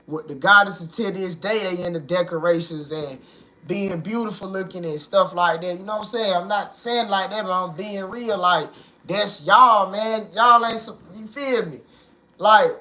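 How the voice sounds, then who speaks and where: A young man hosting his own channel, talking straight to viewers in an animated, slangy monologue and leaning on "bro" and "man". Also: high-pitched, unhurried. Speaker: video host.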